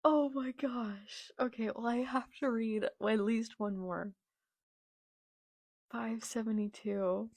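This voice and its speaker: Woman gushing over a comic as she reads, unhurried delivery, dead dry sound. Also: fairly high pitch, dry recording. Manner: excitable, gushing, gasps and exclamations; reads character lines aloud plainly. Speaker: YouTuber reacting to manga. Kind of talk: live read-along reaction.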